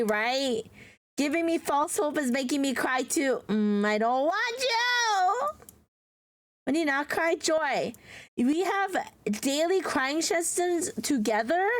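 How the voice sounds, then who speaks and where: A woman streamer in casual livestream chat, playful and giggly as she answers her viewers, with mock-whiny dramatic teasing. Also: high-pitched.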